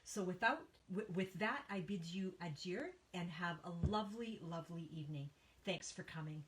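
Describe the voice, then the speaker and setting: A woman's voice: lowish voice, normal speed, slight background noise, rough recording. A woman hosting a live papercraft stream from her home studio, chatting casually with viewers, reading out their names, with a tickle in her throat that makes her cough. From Canada. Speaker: papercraft livestream host.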